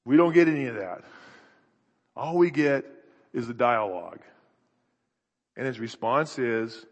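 A man's voice: mid-range voice, unhurried, long pauses. A man preaching a sermon, earnest and searching, thinking aloud with restarts, in an echoey hall.

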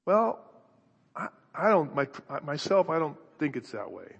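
A man's voice: on the high side, big pitch swings, measured pace, gravelly, a bit bright, breathy edge. A man preaching a sermon, earnest and searching, thinking aloud with restarts, in an echoey hall.

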